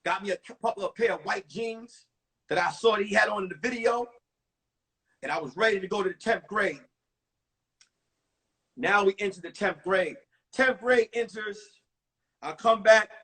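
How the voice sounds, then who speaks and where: A man in his forties, a comedian telling crude, animated stories about his school days on a phone livestream. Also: high-pitched, normal speed, pauses often, breathy edge. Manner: animated, profane storytelling with acted-out voices. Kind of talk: stand-up storytelling on a livestream.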